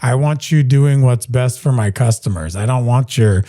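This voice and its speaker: A man hosting a business interview podcast, talking in a relaxed, agreeable way and backing his guest with short replies. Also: medium pitch, normal speed, no echo, clean studio sound. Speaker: podcast host. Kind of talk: casual interview chat.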